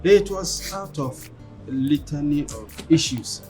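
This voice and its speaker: A man's voice: fairly high pitch, expressive, a little slow, music in the background. A man playing a remorseful pleading father. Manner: pleading, repeating requests for forgiveness. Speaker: father pleading with his child.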